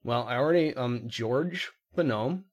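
A man casually chatting as a player in a tabletop game, hesitant and rambling with many pauses. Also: mid-range voice. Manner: rambling, hesitant, full of ums.

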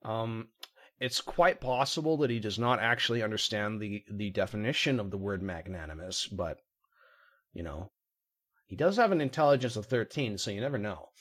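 A man casually chatting as a player in a tabletop game, hesitant and rambling with many pauses. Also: on the low side, animated, a bit bright. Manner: rambling, hesitant, full of ums.

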